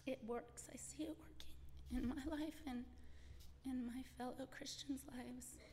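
Slow, earnest woman in a reverberant hall. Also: high voice, steady tone, mellow. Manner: slow, earnest, breaks off and restarts. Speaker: church member giving testimony. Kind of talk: scripture reading and personal testimony. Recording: reverberant hall with faint background noise.

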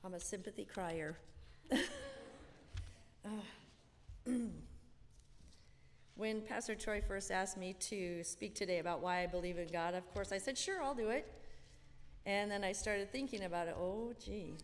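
A woman's voice: medium pitch, steady tone, measured pace, long pauses. A woman giving a personal testimony at church in a chatty, self-deprecating manner. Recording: reverberant hall.

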